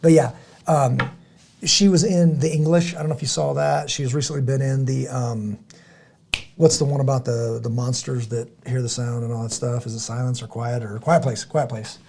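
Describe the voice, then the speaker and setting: A middle-aged man hosting a podcast in casual chat, rambling and halting, with many restarts and fillers. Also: medium pitch, fairly even intonation, gravelly, a little mellow, a little hiss or hum. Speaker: podcast host.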